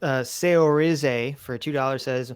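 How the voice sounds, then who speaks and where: A man's voice: medium pitch, slow pace, smooth. A man co-hosting a casual livestream chat, joking, laughing often and reading out viewer messages. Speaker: livestream co-host reading donations.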